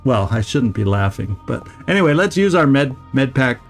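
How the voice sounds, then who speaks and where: A man's voice: medium pitch, sing-song, moderate pace, gravelly, soft background music. A man streaming a video game, giving casual let's-play commentary, chatty and often laughing as he talks to his viewers.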